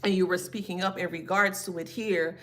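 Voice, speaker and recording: A woman's voice: lowish voice, steady tone, brisk, a bit bright. A woman doing a live tarot reading who talks to her chat in a sassy, emphatic way and laughs often. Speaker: tarot reader.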